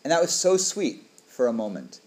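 A man's voice: medium pitch, sing-song, moderate pace, darkish tone. A man, a dharma teacher, giving a reflective, conversational talk to a group and often asking "right?".

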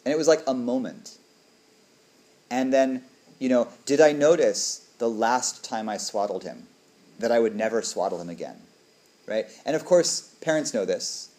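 A man's voice: on the low side, darkish tone. Man giving a reflective dharma talk. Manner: reflective, conversational, often asks "right?". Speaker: dharma teacher.

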